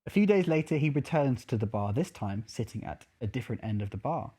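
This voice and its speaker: A man's voice: medium pitch, animated, a little fast, warm tone, husky. A man co-hosting a podcast, telling long jokes as a story and putting on voices for the characters. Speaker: podcast co-host.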